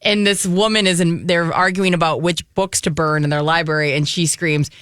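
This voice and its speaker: A woman's voice: fairly low pitch, steady tone, moderate pace, fairly bright tone, clear, resonant tone, dry recording, clean studio sound. A woman co-hosting a casual radio show chat, chatty and fond of telling stories. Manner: chatty and storytelling. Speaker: co-host.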